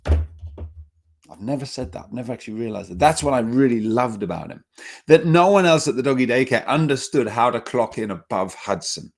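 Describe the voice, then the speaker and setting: A man giving a dog training webinar, telling stories with lively acted quotes and getting emotional at times. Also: medium pitch, normal speed, vocal fry. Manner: animated storytelling, acts out dogs in quotes. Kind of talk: webinar talk.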